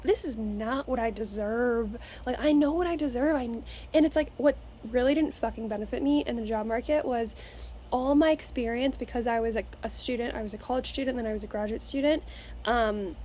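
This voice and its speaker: High-voiced young woman ranting profanely. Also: a little hiss or hum. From Las Vegas, Nevada. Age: 20s. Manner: profane, energetic, filler-heavy with "like". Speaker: vlogger. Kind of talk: casual motivational rant to camera. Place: her childhood bedroom.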